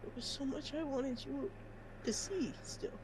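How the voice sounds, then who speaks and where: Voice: high-pitched, lively intonation, a little slow, background noise. A player voicing a grieving male furry creature hero, crying and pleading in a broken voice.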